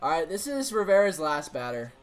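Talking fairly quickly in a slightly high voice, a young streamer casually narrates his own baseball video game play. He reacts excitedly to the game and his chat, speaks to both directly, and bursts out in frustration at times.

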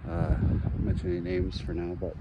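A man from Oregon filming himself training his dog outdoors on a handheld phone, talking quietly to the camera and calling out high and excited to the dog. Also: fairly quick, muffled recording, heavy background noise. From Oregon, USA. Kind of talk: casual vlog narration. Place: outdoors, playing fetch with a dog.

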